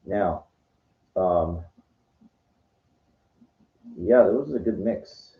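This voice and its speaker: A middle-aged man with a very low, deep voice tells a night-out story straight to camera. He rambles, restarts and swears as he goes. The recording sounds dull and lo-fi. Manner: rambling, halting, profane retelling. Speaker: vlogger.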